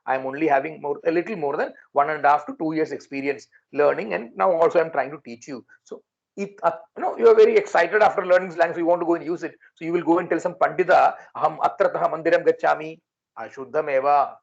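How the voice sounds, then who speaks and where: A man leads a class, patiently repeating each word for his students. His voice has a gravelly, creaky edge. The audio is dull and lo-fi. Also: a little high, fast. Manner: patient, repeats and drills words. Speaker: language teacher. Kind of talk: online class lesson.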